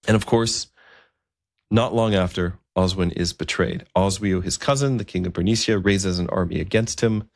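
A man retells a story in a conversational, vivid way. His voice is very deep, with a gravelly fry. The sound is dry and close to the microphone. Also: normal speed, a little mellow, no room sound. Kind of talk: storytelling narration.

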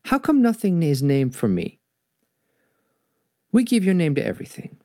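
A man's voice: on the high side, moderate pace, pitched above the performer's own voice. A man voicing a tiny, clever male spider trickster, reading aloud from a storybook. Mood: pleading. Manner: read-aloud storybook voice, lively.

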